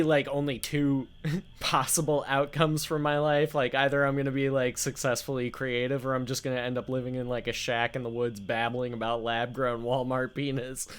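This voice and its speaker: A man's voice: medium pitch, fairly bright tone. Joking game master, casual man. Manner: casual, joking, laughs mid-sentence. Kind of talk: narrating a tabletop game.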